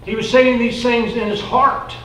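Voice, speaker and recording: A man's voice: very high-pitched, level tone, moderate pace, a bit bright. A man preaching a sermon in a casual, conversational way, full of fillers, reading scripture aloud between his own remarks. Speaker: pastor. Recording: roomy echo, distant mic, faint noise.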